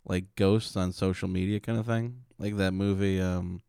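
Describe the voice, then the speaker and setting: A man's voice: low voice, fairly even intonation, normal speed, gravelly, dark tone, smooth, dry recording, clean studio sound. A man co-hosting a comedy podcast, chatting casually with crude jokes, laughing often and acting out quoted voices. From Chicago area. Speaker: podcast co-host.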